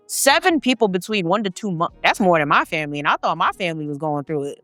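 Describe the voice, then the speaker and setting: Bright, crisp woman reading stories. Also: fairly low pitch, no echo. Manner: chatty, slangy asides between read passages. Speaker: host reading viewer stories. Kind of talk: reading stories aloud with casual commentary.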